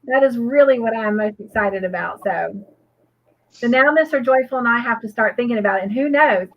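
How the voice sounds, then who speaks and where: A woman's voice: fairly high pitch, a little fast, lo-fi sound. Rambling woman on a livestream. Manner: rambling, many fillers and restarts; earnest and grateful. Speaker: co-host of a crochet livestream. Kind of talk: casual livestream chat.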